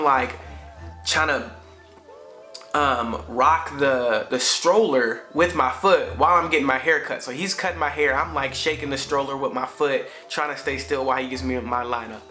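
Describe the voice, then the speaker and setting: Man, family vlogger, slangy casual storyteller, bright voice, faint music under him. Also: medium pitch, moderate pace. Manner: slangy, conversational, frequent fillers. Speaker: father vlogger.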